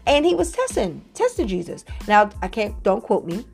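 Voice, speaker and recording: A woman preaches in a faith podcast, her pitch sitting in a mid range. She shifts between slow, emphatic scripture reading and lively asides, inviting listeners to repeat after her. Soft music plays underneath. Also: creaky. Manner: slows down to read scripture with emphasis. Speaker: faith coach.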